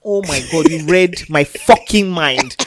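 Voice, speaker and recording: A young woman with a Nigerian accent co-hosting a podcast in casual chat, animated and teasing, laughing often and swearing freely. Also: low voice, measured pace, dry recording, clean studio sound. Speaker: podcast co-host.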